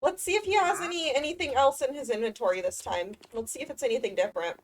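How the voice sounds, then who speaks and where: A woman's voice: high-pitched, fast talker, far from the mic. A woman streamer talking to herself during a game, swearing often and easily exasperated. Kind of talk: casual gameplay commentary.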